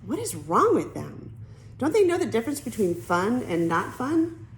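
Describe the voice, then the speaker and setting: Female audiobook narrator for a kids' novel; animated, wide-ranging delivery. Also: a little high, moderate pace, a little hiss or hum, low-quality recording. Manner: lively storytelling, switches into character voices. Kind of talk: reading a children's novel aloud.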